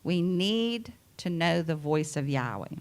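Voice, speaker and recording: A woman from the United States preaching a sermon in an unhurried, conversational way with many asides. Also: low-pitched, expressive, darkish tone.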